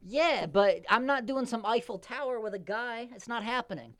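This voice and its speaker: A man's voice: very high-pitched, lively intonation, moderate pace, sharp tone. A man in casual podcast banter, telling rambling, hesitant stories full of fillers.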